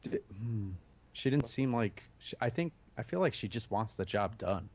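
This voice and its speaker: Animated laughing man player. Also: on the low side, moderate pace, highs cut off. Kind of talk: casual game chat.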